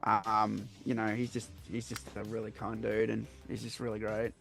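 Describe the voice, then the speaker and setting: A man's voice: on the low side, level tone, moderate pace, gravelly, music in the background. A man with an Australian accent chatting casually and in a friendly way as a guest on a live stream. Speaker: podcast guest.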